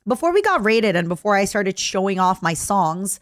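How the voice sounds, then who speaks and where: Young woman, Canadian accent, streamer, casual chat, animated pitch, dry close mic. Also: no echo. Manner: chatty, jokey, quick asides to chat.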